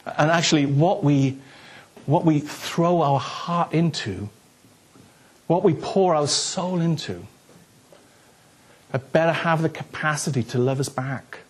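Husky pastor telling a story. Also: male voice, fairly high pitch, takes it slowly, long pauses. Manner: animated storyteller, acts out dialogue, rising to comic excitement. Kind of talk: storytelling sermon.

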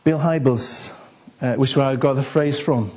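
A middle-aged man, a pastor, telling a story in a sermon and acting out the dialogue with animated, comic excitement. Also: medium pitch, normal speed, breathy edge.

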